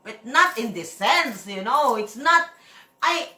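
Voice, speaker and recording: High, bright Filipino woman ranting. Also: lively intonation, slow pace, echoey room. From Philippines. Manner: rambling, emphatic, repeats herself, breaks into laughter. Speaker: vlogger. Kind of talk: casual vlog monologue.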